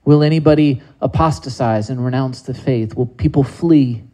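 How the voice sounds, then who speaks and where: A man's voice: medium pitch, normal speed, mellow, rough recording. A man preaching a sermon in a conversational way, with many rhetorical questions to his listeners.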